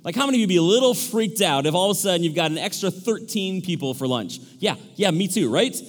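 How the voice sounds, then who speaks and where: A male pastor preaching a sermon in a lively, animated way, acting out characters with shifting voices. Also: sits high, fast. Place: large church hall. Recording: echoey church hall.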